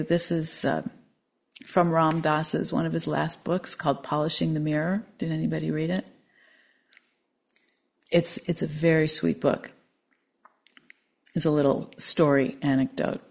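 A woman meditation teacher giving a dharma talk, gentle and reflective with frequent pauses. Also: deep voice.

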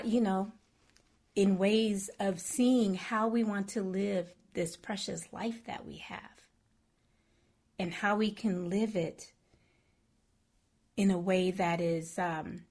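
A woman meditation teacher gives a dharma talk at a retreat center. She speaks in a casual, reflective way, searching for words and restarting her phrases as she goes. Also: mid-range voice.

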